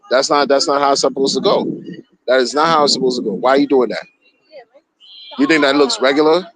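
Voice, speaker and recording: A man's voice: medium pitch, a little fast, long pauses, low-quality recording. A man streaming casual commentary, mocking and profane, repeating himself as he rants. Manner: animated, mocking, profane, repetitive.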